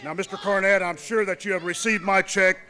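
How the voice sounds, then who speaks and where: A pompous wrestling manager lays out his demands in a high, bright, commanding voice. He talks down to everyone and builds to shouted threats. The sound has the feel of a 1980s television broadcast. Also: fairly even intonation, brisk. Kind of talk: wrestling promo speech.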